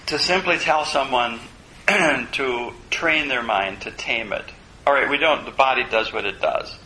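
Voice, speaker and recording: A man's voice: mid-range voice, measured pace, pushed and bright, a little hiss or hum, poor audio. A man giving a Buddhist dharma talk, reflecting aloud and posing questions to himself. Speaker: Buddhist teacher.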